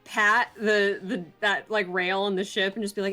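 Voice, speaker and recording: A woman playing a tabletop game, excitably describing what her character does. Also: mid-range voice, normal speed. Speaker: player. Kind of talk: casual tabletop play. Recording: faint music behind.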